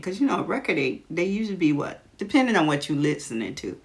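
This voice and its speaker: A woman's voice: fairly low pitch, very animated, quick pace, few pauses. A woman vlogger chatting casually, retelling a story while doing her makeup.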